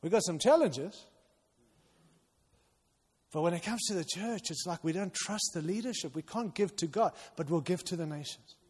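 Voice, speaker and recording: High-voiced impassioned male pastor. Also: normal speed, slightly rough. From outside the United States. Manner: impassioned, swings between loud urging and quiet intensity. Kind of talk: sermon. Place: church hall. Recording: long reverb of a large hall.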